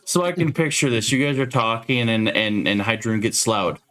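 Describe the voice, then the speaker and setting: A man's voice: medium pitch, moderate pace, a bit bright. A man narrating a tabletop game as game master, laughing often and playing the people his players meet.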